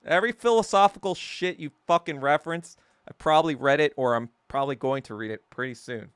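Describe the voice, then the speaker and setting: A man's voice: medium pitch, a little fast, a bit bright, smooth, no room sound, studio quality. A man hosting a podcast, telling a story in a heated, profane, sarcastic rant. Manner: sarcastic, laughing at himself. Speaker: podcast host. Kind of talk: casual rant.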